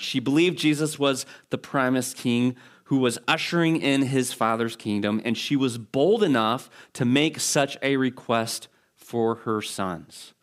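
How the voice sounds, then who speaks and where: A male pastor preaching a sermon in a conversational, storytelling way, with asides and restarts. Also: medium pitch.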